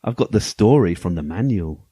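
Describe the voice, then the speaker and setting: A man hosting a retro gaming podcast, enthusiastic and quick to laugh, sometimes reading a story aloud in a dramatic voice. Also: fairly low pitch, slightly rough, no echo. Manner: animated, enthusiastic, laughs easily. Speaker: podcast host.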